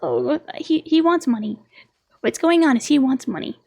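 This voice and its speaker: A woman's voice: high voice, moderate pace, creaky, mellow. A young woman streaming a game, chatting casually, laughing often and reading game dialogue aloud. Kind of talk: casual let's-play chat.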